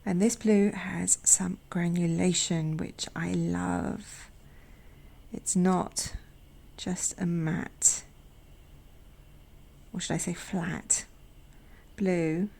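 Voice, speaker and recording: A woman hosting a watercolor channel, chatting gently as she paints swatches, sometimes dropping to a soft near-whisper and making self-deprecating asides. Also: fairly low pitch, little pitch movement, very slow, creaky, pauses often. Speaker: watercolor artist and channel host. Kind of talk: casual narration while painting swatches.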